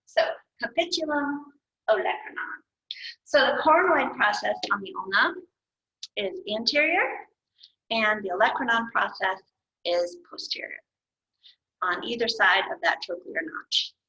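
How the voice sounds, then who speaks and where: A woman's voice: mid-range voice, animated, unhurried, bright, forceful tone. A woman teaching anatomy as she draws, patient and thinking aloud, correcting herself now and then. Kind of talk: explaining anatomy while drawing. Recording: dull lo-fi recording.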